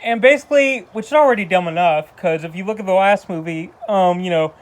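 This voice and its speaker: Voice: mid-range voice, brisk. A movie reviewer ranting casually, exasperated and rambling with lots of restarts. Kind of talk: casual spoken film review.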